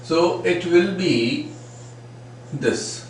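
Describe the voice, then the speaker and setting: A man's voice: medium pitch, slow, fairly bright tone. A man teaching phonetics, patiently repeating sample words to demonstrate each sound. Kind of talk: classroom lecture. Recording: very echoey room, far from mic, faint noise.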